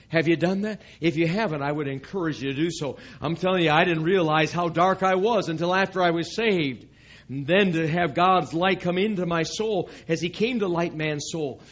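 Male pastor, high voice, slow emphatic sermon delivery, dull lo-fi recording. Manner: emphatic, reads scripture aloud, swells louder on key lines. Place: church service.

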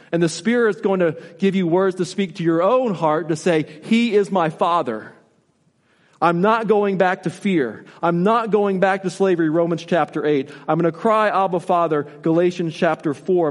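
A man's voice: fairly high pitch, in a large hall. A man preaching a sermon in an earnest, repetitive style with rising emphasis. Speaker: pastor.

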